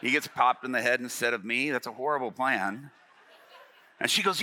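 A male pastor tells a story from the pulpit, playing every part himself and climbing to shouts at the tense moments. His voice is very bright and forward, sitting at an ordinary male pitch. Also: fairly quick. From Illinois. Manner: animated storyteller acting out dialogue, rising to shouts. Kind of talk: sermon storytelling. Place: church stage.

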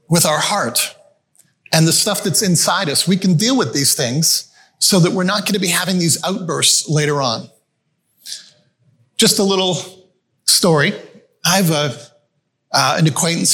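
A male pastor preaches a sermon in a conversational, storytelling style, calling his listeners friends, in a church meeting room with a screen. His voice is a little high and a bit bright.

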